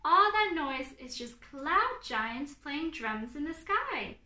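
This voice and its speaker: A woman doing a playful, lively young hawk. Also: high-pitched, slow pace, roomy sound, exaggerated voice.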